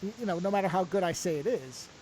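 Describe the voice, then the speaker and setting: A man's voice: high voice, fast talker, darkish tone. Rambling middle-aged man, faint hiss. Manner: rambling, many restarts and asides. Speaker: podcast co-host. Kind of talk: casual chat.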